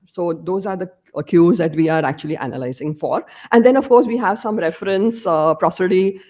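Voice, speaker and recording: A woman's voice: medium pitch, a little mellow. A woman lecturer giving an academic presentation, explaining her slides step by step.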